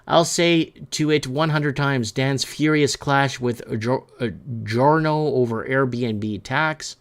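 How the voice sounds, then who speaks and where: A man's voice: mid-range voice, slow pace. Rambling talk-show host man. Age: adult parent of three. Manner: rambling and emphatic, often stumbling over words. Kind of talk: casual news commentary while browsing headlines.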